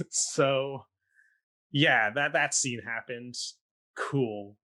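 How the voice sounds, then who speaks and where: Chatty, bright-voiced young man. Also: medium pitch, drawn-out words. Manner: chatty and sarcastic, mock-quoting characters with laughs. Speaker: podcast co-host recapping a stage production. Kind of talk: casual chat.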